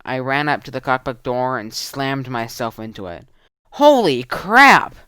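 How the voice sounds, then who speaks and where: A man narrating a first-person action story in a terse, dramatic way, shouting the quoted lines. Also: medium pitch, fairly even intonation, normal speed, clear, resonant tone, dry recording. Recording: narration over loud music.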